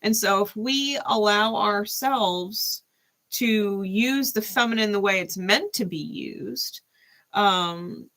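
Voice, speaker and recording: A woman with a bright, clear tone talks through a tarot reading on a live stream. She speaks casually and conversationally, checks in with "right?" and breaks into easy laughter. Her pitch sits in an ordinary middle range. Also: slow. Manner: casual, chatty, laughs often, frequent "right?". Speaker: tarot reader.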